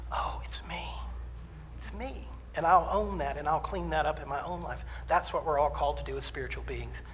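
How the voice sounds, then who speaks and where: A middle-aged man preaches a lively, conversational sermon in a somewhat high voice, jumping from booming declarations to near-whispered asides. He acts out the grumbles of congregants in quoted voices. The sound carries a long church reverb over a faint room hiss. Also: fast talker. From southern United States. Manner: conversational and animated, swinging from loud declarations to hushed asides. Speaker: minister. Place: church sanctuary.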